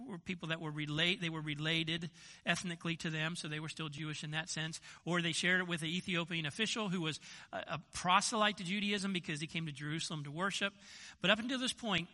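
A man's voice: high voice, bright, forceful tone. An older man, a grandfather and pastor, preaching a sermon in a conversational storytelling way, often restarting his sentences. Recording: long hall reverb.

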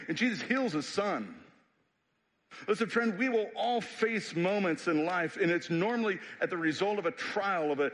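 A man's voice: high voice, moderate pace. Emphatic male pastor in reverberant hall. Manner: conversational and emphatic, rising to animated peaks. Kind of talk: sermon. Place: church sanctuary. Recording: long reverb of a church hall.

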